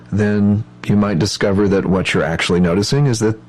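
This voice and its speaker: A man giving a measured instructional lecture on meditation practice, explaining step by step with frequent ums and uhs. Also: lowish voice, steady tone, a little mellow, poor audio.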